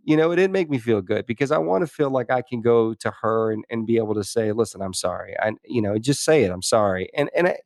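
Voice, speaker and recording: A man's voice: mid-range voice, expressive, quick pace, few pauses, darkish tone, no echo, studio quality. A man hosting a podcast, talking through personal stories in a thoughtful way, with many restarts and "you know"s. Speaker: podcast host. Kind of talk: reflective interview conversation.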